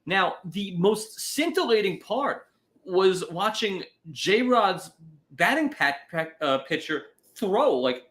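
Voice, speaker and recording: A young man co-hosting a casual comedy podcast, riffing sarcastically and dropping quick impressions. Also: high-pitched, big pitch swings, fairly bright tone. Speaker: podcast co-host.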